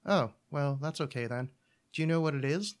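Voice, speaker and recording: A man's voice: a little high, moderate pace, close to an everyday voice. A man reading a short story aloud, voicing the narrator's cheerful, affectionate young girlfriend in a raised voice. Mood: friendly.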